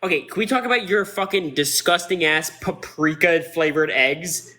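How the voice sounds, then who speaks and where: Young male guest, bright slightly high voice, jokey and rambling. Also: moderate pace. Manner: joking, uses like a lot. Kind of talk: casual chat.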